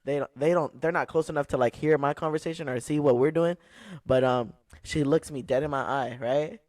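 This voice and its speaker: A man's voice: a little high, steady tone, a little fast, a little mellow, dry recording. A man co-hosting a podcast, telling a long story in casual chat and checking in with his listeners as he goes. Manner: rambling storyteller, keeps asking "right?". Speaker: podcast co-host.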